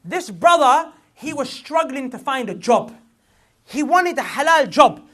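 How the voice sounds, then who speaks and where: A man giving a lively religious lecture to a young audience, repeating his points for emphasis and slipping into street slang. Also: very high voice, measured pace. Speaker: Islamic preacher.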